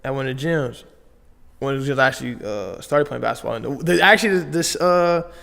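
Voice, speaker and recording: A young man from Las Vegas in the United States appears as a podcast guest, retelling his story casually and with plenty of slang, "like" and "bro" included. His voice sits in the mid range, brisk and creaky with a fairly bright tone. The recording puts a long reverb on it.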